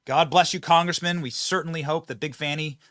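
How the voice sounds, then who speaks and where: An excitable man hosts a live political talk show, swinging from jokes to hard emphasis. His voice is bright and forceful, and the sound is close and dry. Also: a little high, brisk, no room sound. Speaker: host.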